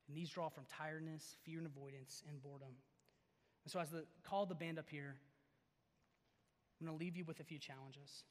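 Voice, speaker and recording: A young man preaching to a youth audience, animated and joking, swinging between loud and hushed. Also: a little high, moderate pace. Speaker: youth pastor. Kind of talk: sermon. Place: large hall before an audience. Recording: long hall reverb.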